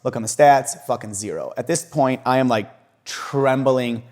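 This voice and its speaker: A man's voice: medium pitch, moderate pace. A young man, a podcast guest, telling his story casually and with lots of profanity, laughing often and acting out what others said. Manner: animated, profane, laughs often, acts out quotes.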